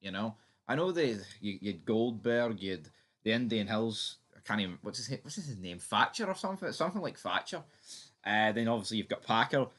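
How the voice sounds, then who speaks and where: A man's voice: lowish voice, animated, brisk, a bit bright. A man hosting a fan theory channel, giving his opinion in a chatty, emphatic way with some swearing. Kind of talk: casual opinion commentary.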